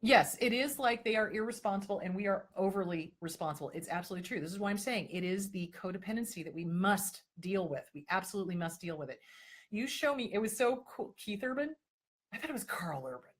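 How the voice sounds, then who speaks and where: A woman with a husky voice hosts a live-stream advice talk. She speaks at a middle pitch and answers viewer questions in an emphatic, repetitive way, and now and then she puts on mocking voices to act out other people. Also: animated, fast.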